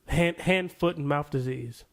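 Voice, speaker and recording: A man's voice: on the high side, unhurried, fairly bright tone. A man co-hosting a comedy podcast in casual chat, speaking hesitantly with many fillers and frequent laughs. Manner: hesitant, lots of likes, laughs often. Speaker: podcast co-host.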